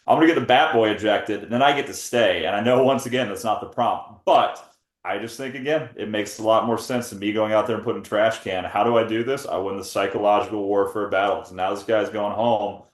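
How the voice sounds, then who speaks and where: A man's voice: fairly low pitch, steady tone, a little fast, reverberant. A man co-hosting a podcast in casual chat, rambling and joking with plenty of swearing. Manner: rambling, jokey, swears freely. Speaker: podcast co-host.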